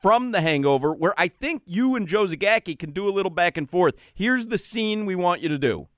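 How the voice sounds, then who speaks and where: A man chatting casually and enthusiastically, pitching fun lines to a guest and laughing easily. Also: expressive, a little fast, a bit bright, dry recording, clean studio sound. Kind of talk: casual phone chat.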